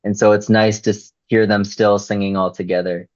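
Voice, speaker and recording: Low-voiced man on a dull dry mic. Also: little pitch movement, moderate pace, no echo. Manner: thoughtful, reflective, says "you know" often. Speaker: podcast co-host. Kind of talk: casual chat.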